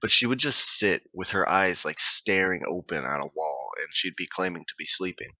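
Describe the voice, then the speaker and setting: Deep-voiced, joking male podcast guest. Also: animated, normal speed, bright, forceful tone, dry recording. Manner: joking, laughs often, trails off. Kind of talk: casual chat.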